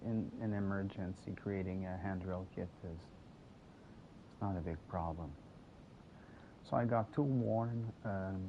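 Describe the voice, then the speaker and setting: Slow, gravelly rambling streamer. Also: male voice, deep voice, highs cut off. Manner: rambling, jokey, stammers and repeats words. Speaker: game streamer. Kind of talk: casual gameplay commentary. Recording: noisy with steady background hum.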